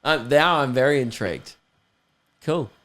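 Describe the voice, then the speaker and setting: A man's voice: mid-range voice, normal speed. A young adult man with an Australian accent, hosting a podcast, telling stories in casual chat with lots of laughing and swearing. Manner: swearing, laughing, animated storytelling. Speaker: podcast host.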